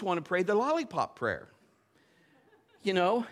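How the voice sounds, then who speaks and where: Male pastor, fairly high voice with big swings in pitch, animated storyteller preaching a sermon to his church. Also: normal speed. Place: church service.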